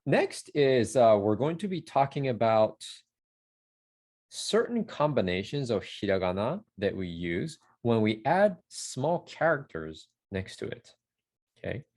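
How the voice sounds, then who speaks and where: A man teaching a casual language lesson, demonstrating each sound slowly, repeating syllables and correcting himself as he goes. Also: mid-range voice, sing-song, a little mellow. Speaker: Japanese teacher.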